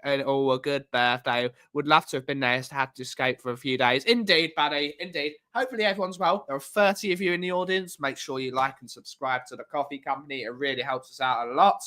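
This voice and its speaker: A man's voice: mid-range voice, fairly quick, few pauses, bright, forceful tone. A man from England hosting a casual livestream, greeting chat viewers in a rambling, repetitive way. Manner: chatty, rambling, repeats phrases. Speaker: livestream host. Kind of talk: casual live chat reading viewer comments. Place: home.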